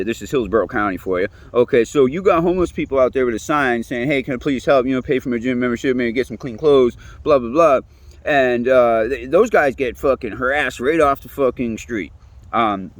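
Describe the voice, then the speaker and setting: A man, ranting casually, rambling and swearing often. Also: mid-range voice. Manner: profane, rambling, animated, laughs often. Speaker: interviewee. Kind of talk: casual rant.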